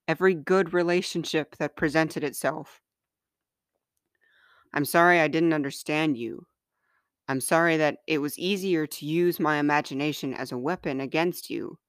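A woman hosting a podcast and reading aloud from her own book in a gentle, measured, heartfelt way. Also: low voice, no room sound, clean studio sound. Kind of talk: slow, earnest reading of personal writing.

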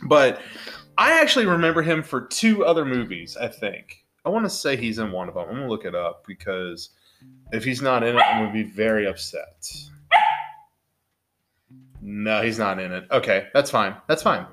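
A man's voice: lowish voice, expressive, normal speed, over music. Chatty rambling male podcast host. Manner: rambling, upbeat, full of fillers. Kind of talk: casual movie podcast chat.

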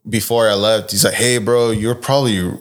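A man's voice: fairly low pitch, fairly even intonation, normal speed. A young man, a podcast guest, telling a story in casual chat, acting out the voices of the people in it and swearing freely.

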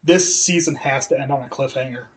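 A man's voice: medium pitch, brisk, slight background noise, poor audio. A man co-hosting a podcast, rambling through a casual recap with fillers and acted-out dialogue. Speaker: podcast co-host. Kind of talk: casual chat recapping a TV episode.

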